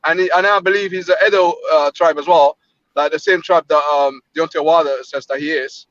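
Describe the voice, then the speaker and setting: A man's voice: a little high, steady tone, a little fast, a bit bright, dry recording. A man hosting a casual boxing chat, rambling with fillers and restarts. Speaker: boxing channel host. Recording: dull lo-fi dry sound.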